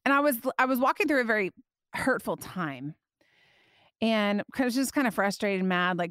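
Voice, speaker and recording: A woman hosting a faith podcast, telling a personal story with animated, emotional delivery that climbs high when she quotes her prayers. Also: moderate pace, no echo, studio quality. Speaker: podcast host.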